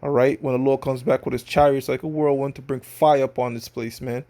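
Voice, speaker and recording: This man teaches scripture in a loose, conversational style full of slangy street talk, often checking in with his listeners. His voice is medium-pitched and dark, with a level tone and a fairly quick pace.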